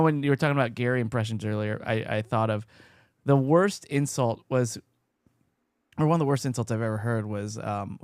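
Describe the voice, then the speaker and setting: Upbeat joking podcast host, dry close mic. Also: male voice, medium pitch, no room sound. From USA. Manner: upbeat, jokey, trailing off. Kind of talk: casual podcast chat. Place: home studio, Long Beach, California.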